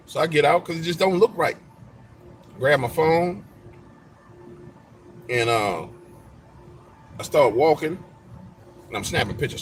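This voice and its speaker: A man's voice: fairly high pitch, animated, moderate pace, pauses often. Slangy trash-talking man, faint background hum. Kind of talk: casual live-stream chat.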